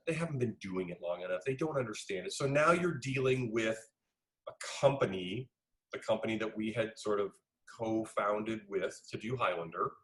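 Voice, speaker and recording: A middle-aged man, a film director being interviewed, telling lively anecdotes and acting out the dialogue he quotes. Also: mid-range voice, poor audio. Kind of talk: casual interview storytelling.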